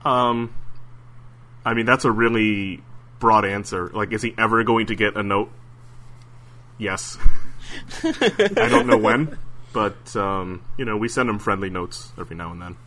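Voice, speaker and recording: Bright-voiced man chatting casually. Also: lowish voice, steady tone, normal speed, a little hiss or hum. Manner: hesitant, lots of fillers and restarts. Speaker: interview guest. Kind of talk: casual podcast chat.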